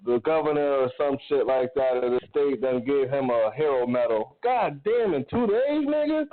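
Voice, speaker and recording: A man's voice: medium pitch, expressive, normal speed. Laid-back man on a tinny phone line. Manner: laid-back, laughs between remarks. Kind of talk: casual chat.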